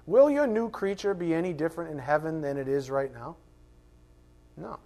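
A man's voice: a little high, moderate pace, a little mellow. A man teaching a Bible class in a conversational way, asking rhetorical questions and acting out quoted voices. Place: classroom with a board.

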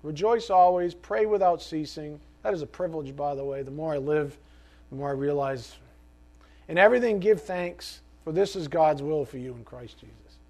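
A man preaching a sermon as pastor, swinging from soft asides to loud, impassioned exhortation. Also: fairly high pitch, normal speed.

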